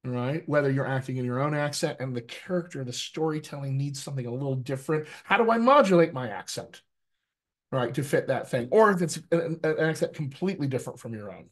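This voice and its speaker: A man's voice: medium pitch, brisk. A middle-aged man, a dialect coach, talking energetically to a group and checking in with "right?" as he goes. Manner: lively, addresses the group directly, frequent "right?" tags. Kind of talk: energetic workshop talk.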